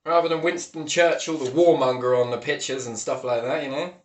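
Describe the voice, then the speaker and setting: A man's voice: mid-range voice, steady tone, fairly quick. Rambling man in an echoey room. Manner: rambling, swings between muttering and loud exclamations. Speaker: vlogger. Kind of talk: casual vlog monologue.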